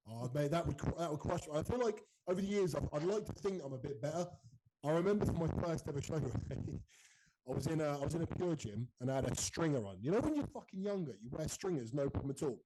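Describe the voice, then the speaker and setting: A man's voice: fairly high pitch, lively intonation, fast talker, background noise. A man in casual podcast chat, telling stories animatedly and swearing freely. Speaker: podcast host.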